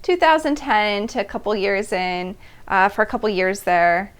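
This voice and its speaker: A woman in her thirties hosts a personal storytelling monologue in a smooth, mid-range voice at normal speed. She's animated, breaking into laughter between phrases while reenacting her past reactions.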